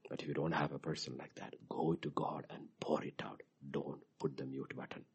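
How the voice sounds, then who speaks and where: Husky, dramatic male preacher. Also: very deep voice, level tone, normal speed. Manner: dramatic, swings from loud outbursts to hushed whispers. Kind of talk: sermon.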